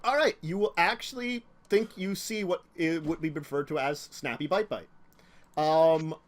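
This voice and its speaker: A man's voice: fairly high pitch, normal speed. A man narrating as game master of a tabletop game, chuckling between descriptions.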